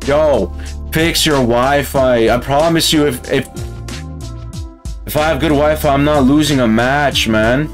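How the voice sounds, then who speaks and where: A man commentating on his own football game matches, excitable and yelling at the screen. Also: mid-range voice, measured pace, long pauses, soft background music. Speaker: gaming channel host. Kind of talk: gaming commentary.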